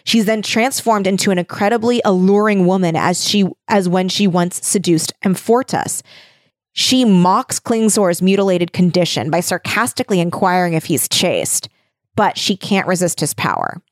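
A young woman casually retelling a story in an animated, slangy way, acting out quotes. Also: lowish voice, moderate pace, dry recording, studio quality. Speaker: storyteller retelling an opera plot. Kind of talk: casual chat.

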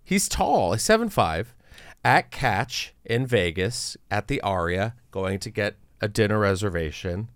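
A man from San Antonio, a podcast guest, telling a story in casual chat with an animated, joking manner. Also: on the low side, a little slow, no room sound. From San Antonio, Texas.

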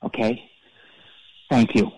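A man's voice: takes it slowly, a little mellow, no room sound, natural voice, poor audio. A man playing a self-absorbed radio DJ who calls in to a comedy show, telling a long rambling story full of stammered restarts. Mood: deadpan. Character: vain male radio DJ, cold and self-absorbed. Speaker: caller. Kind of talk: comedic call-in character bit.

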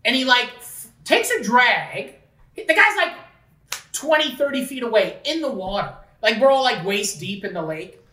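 A woman's voice: a little high, animated, normal speed, a bit bright. A woman from Canada, rambling profanely in casual chat, full of "like". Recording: roomy, distant from the mic.

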